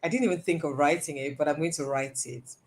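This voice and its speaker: A woman giving a casual online lesson on communication, chatty and animated, stressing words and breaking into asides. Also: quick pace. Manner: animated, lots of stressed words and rising pitch; chatty with self-asides and laughs. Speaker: communication coach.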